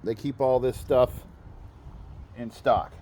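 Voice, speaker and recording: Here's a mid-range male voice, slow and fairly even in intonation, with background noise behind it. He's a father with a backyard mechanic channel, working on a car outdoors as rain sets in, talking casually and poking fun at himself.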